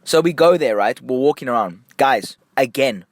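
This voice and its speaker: A young man from Nigeria telling a casual story-time vlog, jumping between hushed asides and excited, high bursts. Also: moderate pace, dry recording. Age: young adult.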